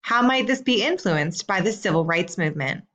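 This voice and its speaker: A woman teacher reading out homework questions in a slow, clear, deliberate way. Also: mid-range voice, animated, fairly bright tone. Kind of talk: recorded assignment instructions.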